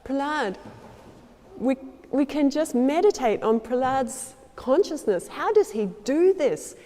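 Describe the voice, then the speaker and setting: Woman, devotional storytelling, fairly high voice, mellow tone, acts out quoted lines. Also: animated, takes it slowly. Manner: acts out quoted lines with shifts in loudness and pace. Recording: long hall reverb.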